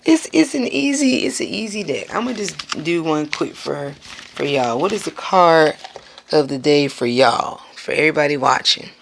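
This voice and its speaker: A woman hosting her podcast, talking casually and candidly, swearing freely and breaking into sudden high outbursts. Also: lively intonation, normal speed, vocal fry, slight background noise. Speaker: podcast host. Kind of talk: casual spiritual monologue.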